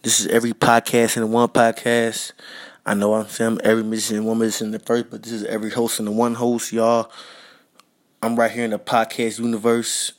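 A man's voice: on the low side, monotone, brisk. A man hosting a podcast, giving a casual spoken tribute in a slangy, repetitive way and talking straight to his listeners. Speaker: podcast host.

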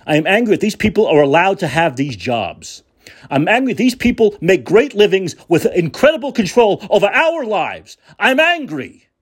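A male talk show host tearing into a political monologue, his husky voice swinging from high outbursts down into low mutters. He rants with sarcasm and a steady stream of profanity, and he sounds plainly angry. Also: normal speed.

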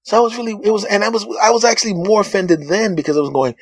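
Animated man telling a comic story. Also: very fast, no echo, studio quality. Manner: animated, acts out other people in high mocking voices. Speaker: podcast host. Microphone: phone.

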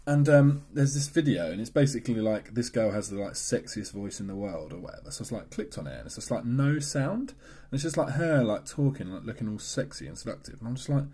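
Laddish young man, husky voice. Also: medium pitch, expressive, a little fast, warm tone. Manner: laddish, laughs a lot, crude humor. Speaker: podcast co-host. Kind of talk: casual chat.

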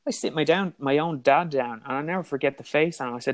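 A man's voice: on the high side, fast. An Irish man, a guest in an interview, candidly retelling a personal story with frequent restarts and quoted dialogue.

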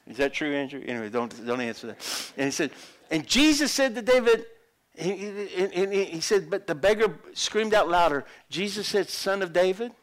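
Middle-aged male pastor, high and very expressive voice, lively storytelling sermon. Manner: animated, acts out voices of people in the story.

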